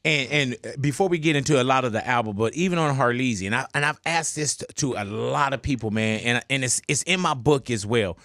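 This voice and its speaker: A man's voice: medium pitch, brisk, few pauses, fairly bright tone, no room sound, clean studio sound. A man hosting a casual radio interview, loose and joking, talking in slang. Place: radio studio.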